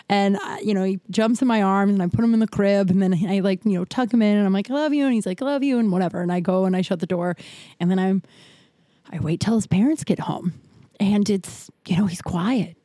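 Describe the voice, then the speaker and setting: A woman's voice: mid-range voice, mellow, dry recording, clean studio sound. A young adult woman hosting a solo podcast, telling candid, self-deprecating stories in a rambling, jokey way while short of breath. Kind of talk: rambling casual monologue.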